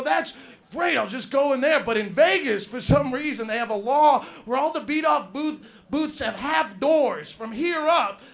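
A man doing a stand-up routine, telling a profane, rambling story with sudden shouted outbursts. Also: very high-pitched, gravelly. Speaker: stand-up comedian.

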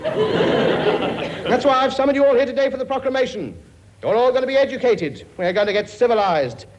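A man's voice: very high voice, expressive, normal speed, lo-fi sound, heavy background noise. A blustering comic king. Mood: brusque. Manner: blustering, scolding, chummy. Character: bossy, boastful comic king, middle-aged man. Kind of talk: sitcom acting before a laughing audience.

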